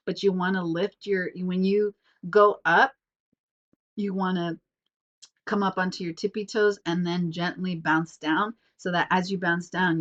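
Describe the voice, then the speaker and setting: A woman's voice: fairly low pitch, a bit bright. Chatty woman podcaster, stuffy nose. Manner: rambling, chatty, many fillers and restarts. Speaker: podcast host. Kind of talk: casual solo podcast. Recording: dull lo-fi sound.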